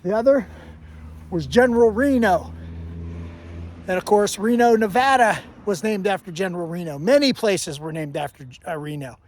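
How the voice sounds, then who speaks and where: A man's voice: high-pitched, moderate pace. A man hiking outdoors on a mountain trail, talking casually about history to a handheld camera, rambling and often correcting himself. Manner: rambling, self-correcting storyteller. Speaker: hiking vlogger. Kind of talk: casual walking history talk.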